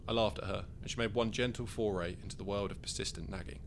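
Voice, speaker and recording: A man reads his own first-person story aloud in a wry, conversational manner. His voice is low and gravelly. A faint hum sits in the background. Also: steady tone, fast talker, hardly any pauses, a bit bright. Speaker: author narrating his story.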